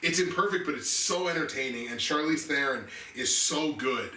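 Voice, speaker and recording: Bright-voiced man in an echoey room. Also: fairly high pitch, expressive, normal speed, distant mic. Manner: enthusiastic, rambling with restarts. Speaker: movie review show co-host. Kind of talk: casual movie chat. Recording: echoey room, voice off-mic, faint noise.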